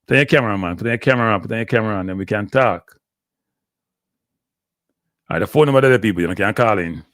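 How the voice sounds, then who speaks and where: A man with a Jamaican accent hosting a casual live stream, teasing and animated, often repeating himself. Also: on the low side, fast talker, dry recording, clean studio sound. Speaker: show host.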